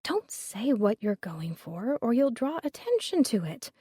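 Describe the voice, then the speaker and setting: A woman voicing a shrewd middle-aged mother who coaches her daughter in a brisk, urgent way. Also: fairly high pitch, sing-song, warm tone, breathy edge, voice pushed up, exaggerated voice.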